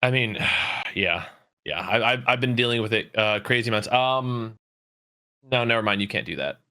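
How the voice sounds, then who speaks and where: A man's voice: lowish voice, lively intonation, moderate pace, sharp tone. A man co-hosting an anime podcast in casual chat, laid-back and rambling, swearing casually. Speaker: podcast co-host.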